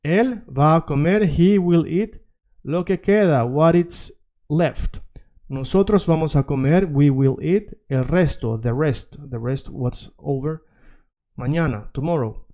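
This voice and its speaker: Patient man teaching, dark voice. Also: a little high, a little slow. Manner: explains patiently, repeats words, checks in with "all right?". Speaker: Spanish teacher. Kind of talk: video language lesson.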